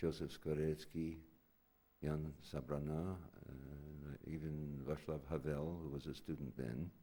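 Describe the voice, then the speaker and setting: On a theatre stage, an older male poet with a bass voice reads his work live, his steady, measured incantatory chant building to loud cries. Afterward he talks plainly to the audience.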